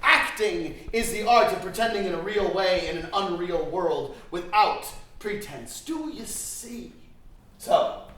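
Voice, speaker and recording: Pompous method-acting guru played by a man, lively swooping delivery, echoey far-off room. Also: high voice, a little hiss or hum, heavily acted. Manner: grandiose, theatrical lecturing. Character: pompous self-important male acting guru. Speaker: acting teacher.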